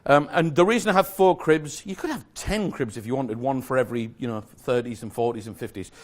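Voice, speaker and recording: A man's voice: mid-range voice, fairly quick. A man giving a live magic lecture to an audience, explaining step by step in a chatty, self-correcting way with small jokes.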